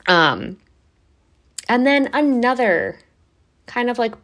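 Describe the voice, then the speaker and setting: Podcast host: young woman, lowish pitch, casual rambling delivery full of "like", occasional swearing. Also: normal speed. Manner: chatty, heavy use of "like", swears casually.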